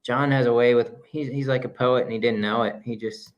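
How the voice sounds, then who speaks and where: Laid-back guy cohosting a podcast, mid voice, kinda halting, restarts a lot. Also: medium pitch, fairly even intonation, lo-fi sound. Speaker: podcast co-host. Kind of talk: casual podcast chat.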